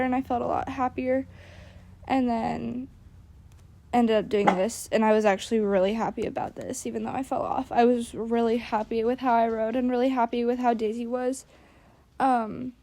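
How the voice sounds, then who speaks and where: A young woman equestrian vlogger gives casual, self-critical voice-over commentary on her riding videos, chatty and packed with "like" fillers. Her voice is a little high with a darkish tone.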